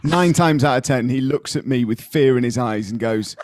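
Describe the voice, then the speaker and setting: A man's voice: medium pitch, moderate pace, hardly any pauses, a little mellow. A man co-hosting a podcast, making jokes, laughing often and rambling into asides. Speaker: podcast co-host. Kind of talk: casual podcast banter.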